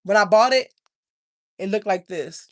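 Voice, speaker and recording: A woman's voice: medium pitch, unhurried, a bit bright. Chatty older woman on a livestream. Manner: chatty, rambling, addresses viewers as y'all. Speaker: channel host. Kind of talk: casual livestream chat.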